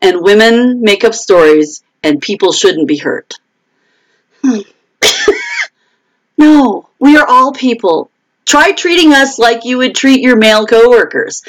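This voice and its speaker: An American woman author hosts a casual live chat in a higher-pitched voice, speaking unhurriedly over poor audio. She answers viewers by name, restarts often, and laughs briefly. Animated, she quotes others in raised voices.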